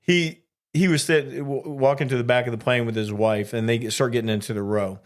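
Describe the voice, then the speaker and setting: A man co-hosting a relaxed podcast, telling a work story with lots of voiced back-and-forth. His voice sits at a middling pitch and keeps the banter easygoing. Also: a little fast. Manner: animated storyteller acting out quoted exchanges. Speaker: podcast co-host, flight attendant. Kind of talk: casual storytelling chat.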